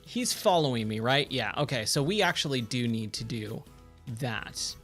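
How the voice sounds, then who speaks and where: A man's voice: medium pitch, expressive, moderate pace, fairly bright tone. A man chatting casually on a gaming livestream, easily amazed and thanking viewers, with faint game music behind.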